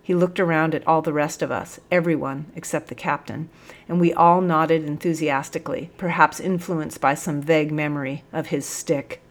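A woman reading a storybook aloud in a steady, expressive narration. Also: deep voice, normal speed.

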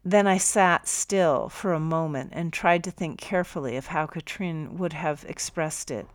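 Woman calmly narrating an audiobook. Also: low voice, no room sound. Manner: calm, measured storytelling. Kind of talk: first-person audiobook narration.

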